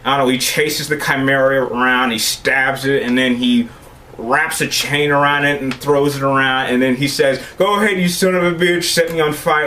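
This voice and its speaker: A man's voice: medium pitch, a bit bright, a little hiss or hum. A young man giving a loose, rambling spoken recap as a movie reviewer, full of fillers and asides.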